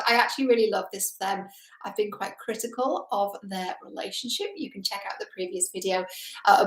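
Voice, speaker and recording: A woman's voice: mid-range voice, echoey room, low-quality recording. A woman hosting a casual film analysis video, chatting with enthusiasm.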